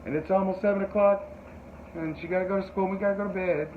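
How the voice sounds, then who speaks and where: Rambling man telling a story over a tinny line. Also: quick pace. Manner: animated, rambling, profane, acts out quotes in high yelps. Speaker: podcast host. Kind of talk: casual storytelling chat. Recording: tinny phone-like sound with faint noise.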